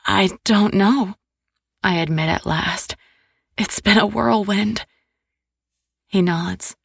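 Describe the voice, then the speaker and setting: A woman narrating a first-person romance audiobook in an intimate, soft-spoken way. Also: medium pitch, takes it slowly, creaky, long pauses, slightly rough, no echo, clean studio sound.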